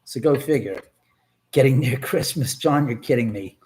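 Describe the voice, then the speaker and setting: A man's voice: medium pitch, normal speed. A man hosting a live stream, chatting in a rambling, profane way and answering viewer comments as he goes. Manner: animated, profane, reads viewer comments aloud.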